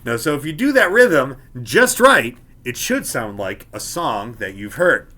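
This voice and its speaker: Bright-voiced man teaching beginners patiently. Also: medium pitch, sing-song, a little slow. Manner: patient, explains step by step, checks in with "okay?". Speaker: music teacher. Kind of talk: instrument lesson for beginners.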